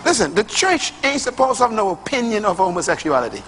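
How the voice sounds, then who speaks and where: A man's voice: high voice, big pitch swings, fast, heavy background noise. A man preaching a sermon to a congregation, emphatic and rhythmic in his delivery and loose and colloquial in his phrasing.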